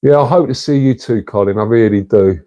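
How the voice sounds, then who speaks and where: A man's voice: medium pitch, fairly quick, warm tone, lo-fi sound. A man hosting a casual livestream, chatting in a matey way and answering viewers' comments. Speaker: livestream host.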